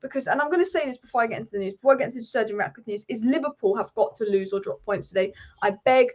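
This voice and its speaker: Broadcasting a live football stream from her home, this fired-up channel host rants quickly and passionately. Her slightly high voice has a darkish tone, coming through dull, lo-fi sound.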